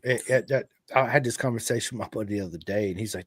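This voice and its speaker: An American man hosting a podcast, chatting casually and telling animated, hyped-up stories to his guest. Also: lowish voice, quick pace, slightly rough, dry recording, studio quality. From United States. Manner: excitable, hyping, animated storyteller. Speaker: podcast host. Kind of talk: casual chat with ad read.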